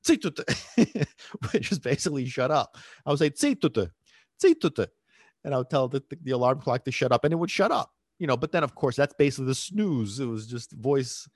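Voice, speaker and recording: A man hosts a dog-training podcast in a loose, chatty monologue, wandering off on tangents and chuckling at himself. His voice sits at an ordinary middle pitch. The sound is close and dry, with no room echo. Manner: rambling, chatty, laughs at his own tangents.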